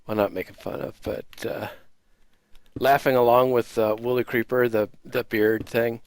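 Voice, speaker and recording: A man's voice: mid-range voice, flat delivery, moderate pace, creaky, clear, resonant tone, no echo. An American man hosting a casual Minecraft video, rambling with many fillers and self-deprecating asides. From United States. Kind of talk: casual gameplay commentary.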